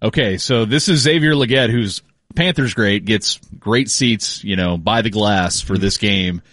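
A man co-hosts a sports talk show with wry, explanatory banter. His voice sits low and even. The close, dry sound has no room in it. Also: unhurried, dry recording.

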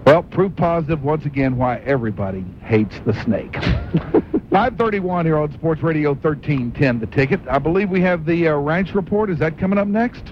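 A man's voice: on the high side, expressive, normal speed, dull audio, a little hiss or hum. A man hosting a sports radio show, teasing his co-hosts in a dry way. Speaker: radio host. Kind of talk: casual radio banter.

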